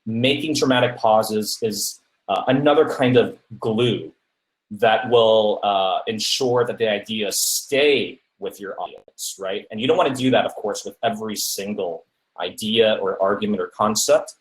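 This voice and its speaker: A man's voice: lowish voice, unhurried. A man hosting a podcast, casually giving public speaking advice and often checking in with "right?". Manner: many fillers and restarts, asks "right?" often. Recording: roomy echo.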